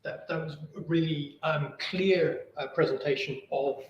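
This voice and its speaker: A man chairing an academic seminar and asking questions, halting, with many fillers and repeated words, over a video call. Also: on the high side, fairly even intonation. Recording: distant, roomy, dull and lo-fi, faint noise.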